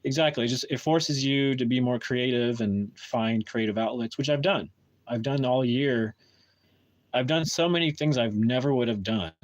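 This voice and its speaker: A man's voice: mid-range voice, measured pace. Hesitant man chatting on a live stream. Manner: hesitant, many restarts and fillers. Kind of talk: casual live-stream chat.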